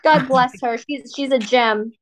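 Woman, high voice, podcast co-host, expressive, joking banter. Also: measured pace, slight background noise. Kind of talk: casual chat.

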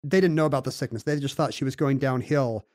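A man's voice: mid-range voice, fast talker, darkish tone, no echo, studio quality. A man co-hosting a podcast, explaining at length in casual chat, with frequent fillers and restarts. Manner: rambling, explains at length with many "you know" fillers and restarts.

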